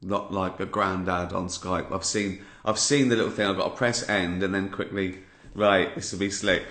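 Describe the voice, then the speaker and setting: Hosting a laid-back livestream from home, a fifties-aged English comedian swears freely through a sardonic story. His voice sits low with a steady, fairly bright tone at a moderate pace, captured on a phone or laptop mic with a roomy sound.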